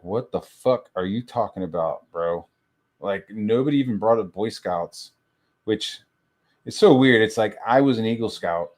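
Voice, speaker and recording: A man's voice: mid-range voice, a little mellow. Foul-mouthed rambling young man. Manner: crude, rambling, heavy swearing. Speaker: stream guest. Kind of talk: profane ranting stream talk.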